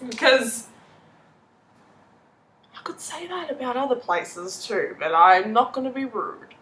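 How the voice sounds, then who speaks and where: A young Australian woman vlogging in a bright, bouncy voice that swoops up and down as she chats. She is playful and quick to laugh. Her voice rings a little in an echoey room. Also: on the high side, very animated. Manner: chatty, playful, laughs often. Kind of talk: casual vlog chat.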